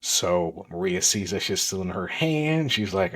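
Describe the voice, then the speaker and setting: A man's voice: low-pitched, expressive, a little slow, hardly any pauses, fairly bright tone, husky. A man co-hosting a podcast, casually recapping a TV episode and acting out scenes with swearing and laughter. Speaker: podcast co-host.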